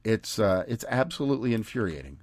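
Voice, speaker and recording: A man's voice: on the low side, sing-song, a little fast, a little hiss or hum. An American man hosting a podcast, talking in a casual, sarcastic and indignant way. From United States. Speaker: podcast host. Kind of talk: casual chat.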